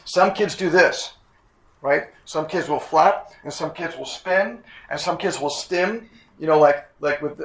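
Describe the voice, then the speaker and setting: Echo fills the room as a fairly high-voiced chiropractic teacher in his sixties gives a lecture to his class. Repeating his points with emphasis, he pauses often to clear his throat.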